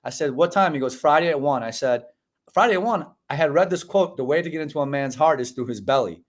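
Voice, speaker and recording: A man's voice: medium pitch, fast. A man in his forties, a guest telling his story in a casual interview over a video call, acting out voices and saying "bro" and "man". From United States (Chicago). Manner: animated storyteller, acts out quoted dialogue, says "bro" and "man". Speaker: podcast guest.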